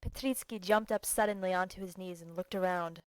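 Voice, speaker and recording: A woman narrating a classic novel in a steady, measured audiobook reading. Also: lowish voice, clean tone, no room sound, rough recording.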